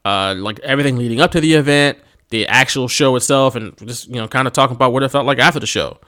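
A man with a Philadelphia accent co-hosting a podcast in casual, animated chat, laughing often and talking slangy. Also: medium pitch, fast. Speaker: podcast co-host.

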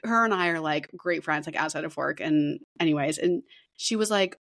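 A woman in her thirties with a low voice and moderate pace co-hosts a casual podcast over a video call. She's an animated storyteller who swears freely and acts out what other people said.

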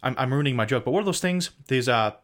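A male podcast co-host talking through a case in loose, casual chat. He rambles, restarts and cracks self-deprecating jokes. His pitch sits in an ordinary middle range. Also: animated, fast, a bit bright.

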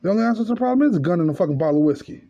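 A man's voice: sits high, expressive, rapid-fire, warm tone, lo-fi sound. A man hosting a podcast, telling a story in a casual, profane monologue. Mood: heated. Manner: profane, storytelling, rising to angry rant. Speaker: podcast host.

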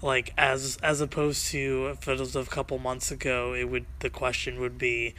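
A man hosting a podcast, chatting casually and haltingly with many ums and uhs. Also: medium pitch, monotone, pushed and bright, a little hiss or hum, rough recording. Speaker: podcast host. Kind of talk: casual chat.

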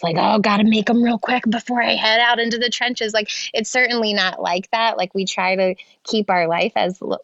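A woman's voice: fairly low pitch, dry recording. Chatty mother on a dull line. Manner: chatty, halting with restarts and laughs. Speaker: guest, healthcare worker and mother. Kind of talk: casual conversation.

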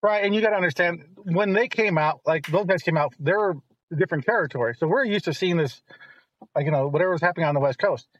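The host's father, a middle-aged man, rambles through long stories in a casual chat and gets animated whenever he quotes other people. His voice is high and fast, and the recording sounds muffled with a bit of hiss or hum.

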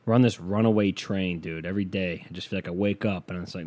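Profane rambling man, low-pitched. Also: steady tone, quick pace, darkish tone. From United States. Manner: profane, rambling, self-mocking. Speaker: comedian. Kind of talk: solo comedic rant.

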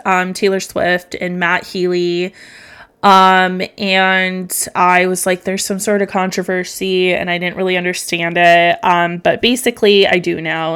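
A woman's voice: lowish voice, clean tone. A young woman hosting a solo podcast, rambling and emotional, tearful at times, swearing casually and filling gaps with ums. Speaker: podcast host.

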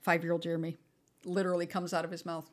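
A middle-aged woman co-hosting a casual chat, telling stories in a lively way and acting out the voices of the people in them. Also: on the low side, fast talker. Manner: animated, acts out quoted dialogue with laughter. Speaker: podcast co-host.

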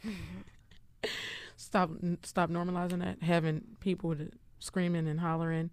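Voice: medium pitch, level tone, measured pace, clean tone, no echo. A podcast co-host in casual chat who talks loosely and animatedly, using lots of slang and filler words.

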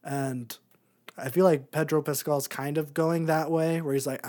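A man co-hosting a podcast in casual chat, rambling, laughing often and trailing off into quiet filler words. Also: fairly high pitch, steady tone, normal speed. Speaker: podcast co-host.

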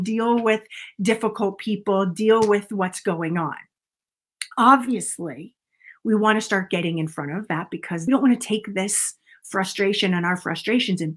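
A woman's voice: mid-range voice, fairly bright tone. A middle-aged woman coaching viewers on emotional eating, talking earnestly and putting direct questions to her listeners. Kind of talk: motivational talk to viewers.

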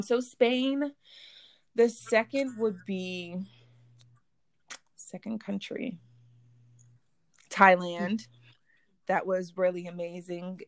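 A woman hosting a podcast in casual chat, telling lively stories and laughing often. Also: lowish voice, dry recording, studio quality. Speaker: podcast host.

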